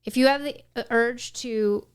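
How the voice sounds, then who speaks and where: A woman's voice: a little high, steady tone, normal speed, clear, resonant tone. A woman co-hosting a podcast in casual chat, talking earnestly and at length, often breaking into laughter. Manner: earnest and explanatory, laughs easily. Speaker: podcast co-host.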